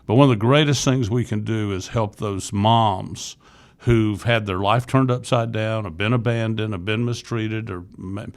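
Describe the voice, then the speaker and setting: Gravelly-voiced man in his sixties, earnest. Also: fairly low pitch, normal speed. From Florida, USA. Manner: earnest, candid, rambling with restarts. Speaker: podcast guest, youth ministry leader. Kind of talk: casual interview storytelling.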